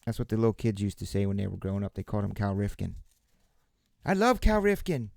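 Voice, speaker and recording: Gravelly man hosting a card break. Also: fairly low pitch, racing, no room sound. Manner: relaxed, chatty, joking with viewers. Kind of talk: casual live commentary while opening cards.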